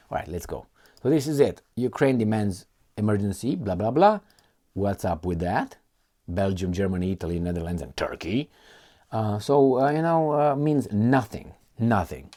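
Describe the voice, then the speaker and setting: Male vlogger, low-voiced, lively pitch, mocking and profane. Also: moderate pace, slightly rough. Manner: sarcastic, profane, mocking, laughs often. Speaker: political commentary vlogger. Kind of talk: casual political commentary, reading articles aloud.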